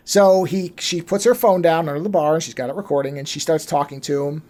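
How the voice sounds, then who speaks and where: Swearing, animated movie-recap storyteller. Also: mid-range voice, brisk, few pauses. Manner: acts out characters' lines mid-story. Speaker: podcast co-host. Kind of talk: casual movie recap chat.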